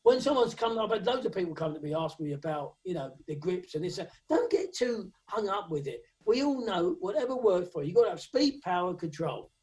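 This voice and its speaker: A man's high, slightly mellow voice comes through very animated and a bit fast, barely pausing. He's the guest drummer on a lockdown video call interview, offering emphatic, no-nonsense advice and vocalizing drum beats.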